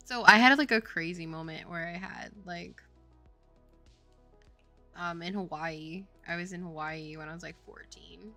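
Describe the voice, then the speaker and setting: Woman streamer, bright forward tone, loose filler-heavy delivery, faint music behind. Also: on the low side, unhurried. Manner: rambling storytelling, heavy use of "like", frequent laughter. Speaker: game developer streaming her work. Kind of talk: casual chat on a livestream.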